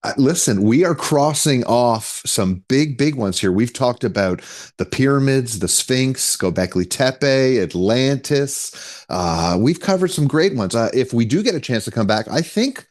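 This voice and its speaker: A man's voice: mid-range voice, lively intonation, a little slow, a little mellow. A man appearing as a talk show guest, chatting earnestly with many restarts and fillers. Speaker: TV host as guest. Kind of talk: casual interview chat.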